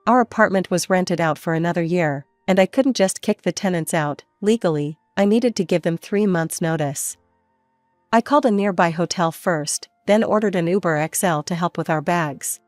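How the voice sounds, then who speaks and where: A woman narrating a first-person family story in a steady, plain way. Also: on the low side, normal speed, dry recording, clean studio sound, soft background music.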